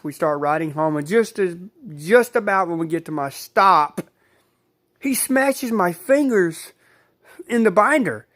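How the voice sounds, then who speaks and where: A man's voice: fairly high pitch, fairly bright tone. A man casually telling a personal story, rambling, repeating himself and swearing freely.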